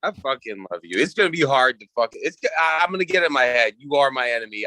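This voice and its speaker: A man's voice: medium pitch, lively intonation, fast, hardly any pauses, sharp tone, dry recording. A man trading brash, profane, boastful trash talk as an arm wrestling guest on a casual chat show.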